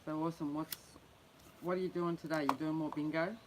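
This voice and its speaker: A man's voice: on the high side, steady tone, brisk, background noise. A man in casual chat who teases his co-host, laughs often and cuts in. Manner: teasing, laughs often, interjects.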